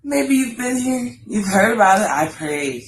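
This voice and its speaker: A woman's voice: medium pitch, big pitch swings, poor audio. A woman co-hosting a live stream, leading a word game and answering her co-host with exasperated teasing. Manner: slow, deliberate, exasperated teasing. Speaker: co-host running word games. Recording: faint background noise.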